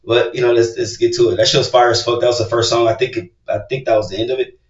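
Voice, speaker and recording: A man hosting a casual reaction video, talking loosely and cursing, repeating "bro, come on" as he gets excited. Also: mid-range voice, fast talker, distant mic. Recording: roomy, dull sound from away from the mic.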